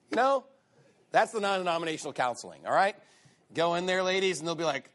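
A male preacher giving a sermon, mocking and sarcastic, swinging between loud outbursts and low asides. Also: lively intonation, quick pace.

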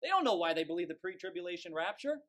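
A man's voice: high-pitched, big pitch swings, fast. Fiery, scornful male preacher. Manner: forceful, scornful, emphatic preaching. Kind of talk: fiery sermon.

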